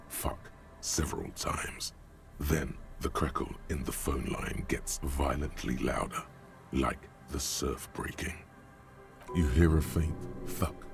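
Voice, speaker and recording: A man narrating a game in a measured, dry manner. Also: a bass voice, creaky, exaggerated voice. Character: omniscient game narrator, grave and wry.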